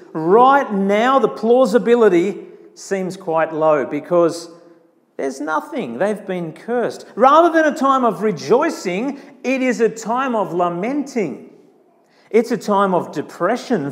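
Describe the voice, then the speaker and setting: A man preaching a sermon in a church, animated, acting out quoted voices with big swings in tone. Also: sits high. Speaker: pastor. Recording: long church hall reverb.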